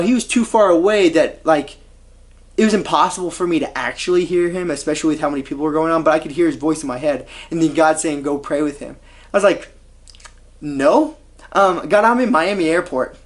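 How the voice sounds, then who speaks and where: A young man, a medical student telling his faith story earnestly and conversationally, full of "you know" and "like". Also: fairly high pitch. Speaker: medical student sharing testimony. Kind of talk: personal faith testimony to camera.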